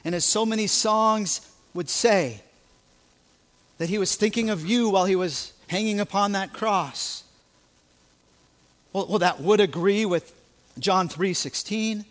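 A man's voice: high-pitched, measured pace, fairly bright tone. A male pastor with an American accent preaching a sermon, emphatic and full of rhetorical questions.

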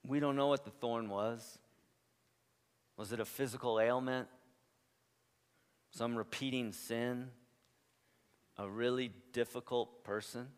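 A man preaching a sermon as a pastor, animated and emphatic, jumping from loud punchy lines to quiet joking asides to his congregation. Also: mid-range voice, takes it slowly, long pauses, clear, resonant tone, big-room sound.

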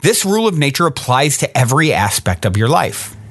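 A man reading aloud as a calm, wise father explaining a lesson to his son. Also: mid-range voice, fairly quick, dry recording. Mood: earnest. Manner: calm, earnest, instructive. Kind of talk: reading a short story aloud.

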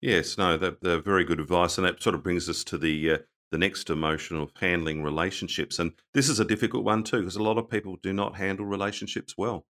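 Male host with a very low voice; affirming, easygoing interviewer. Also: fairly even intonation, quick pace, hardly any pauses, fairly bright tone. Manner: affirming, with short agreements and laughs. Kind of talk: conversational podcast interview.

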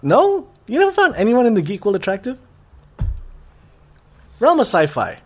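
A man's voice: very high voice, huge pitch swings, moderate pace. A young man hosting a casual podcast chat, laughing often and swearing. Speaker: podcast host.

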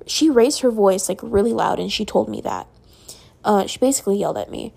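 A woman's voice: medium pitch, brisk, creaky, mellow, breathy edge. A young woman telling a personal story in a casual, rambling way at home, full of "like" and "um".

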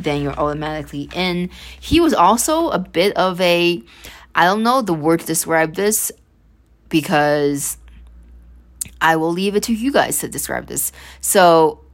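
A young woman hosting her own podcast, telling a story in a rambling, animated way with many restarts and asides. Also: sits low, clean tone. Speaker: podcast host. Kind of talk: casual storytelling monologue.

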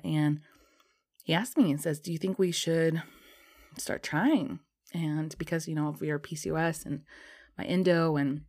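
A woman vlogger telling a personal story in a casual, animated way, swearing and laughing as she goes. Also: deep voice.

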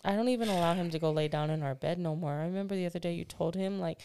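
A woman co-hosting a podcast, chatting casually and telling an animated story with lots of laughter. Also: fairly low pitch, very fast, slight background noise. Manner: animated storytelling, acts out voices, laughs often. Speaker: podcast co-host. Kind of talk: casual chat.

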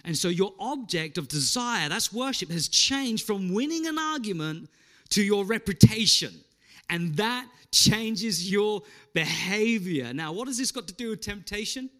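Man, middle-aged pastor, sermon, animated, high bright voice, asks questions. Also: unhurried.

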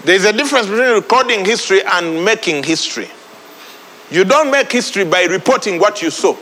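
A man's voice: high-pitched, expressive, fairly quick, pushed and bright, big-room sound, slight background noise, low-quality recording. A man preaching a sermon, repeating phrases for emphasis. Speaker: pastor.

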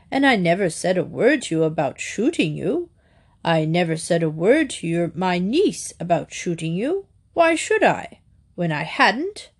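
A woman voicing a vague but resolute elderly earl with an airy, dismissive, soothing manner in a storybook reading. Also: mid-range voice.

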